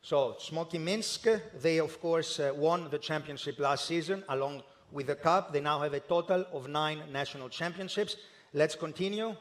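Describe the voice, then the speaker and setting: A man presenting a live draw ceremony in a formal, measured way, with the occasional hesitation. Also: on the high side. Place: indoor ceremony hall.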